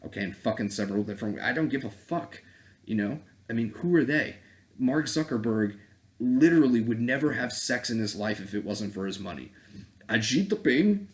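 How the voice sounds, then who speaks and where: A man vlogging as a dating coach in a casual, profane rant, blunt and breaking into laughing asides. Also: fairly low pitch.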